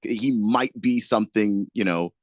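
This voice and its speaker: A man co-hosting sports talk radio, laying out his reasoning in a measured, skeptical way. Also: fairly low pitch, dry recording.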